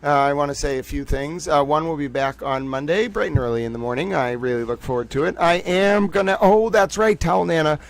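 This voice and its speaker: A man's voice: on the high side, brisk, gravelly, hardly any pauses. Effusive man hosting a livestream. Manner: playful, gushing and effusive. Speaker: livestream host. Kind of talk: casual livestream chat.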